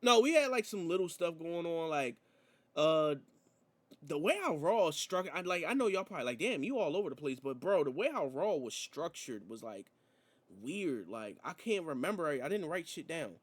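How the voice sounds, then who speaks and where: Slangy guy rambling about a wrestling show, kinda high voice, super casual. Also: normal speed. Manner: slangy, rambling, animated storytelling. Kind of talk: casual chat.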